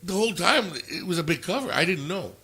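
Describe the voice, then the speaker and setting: A man's voice: high voice, animated, fast, bright, forceful tone, breathy edge. A man co-hosting a podcast, telling a story in blunt, profane casual chat and quoting what people said. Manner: profane, blunt, quotes people in his stories. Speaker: podcast co-host.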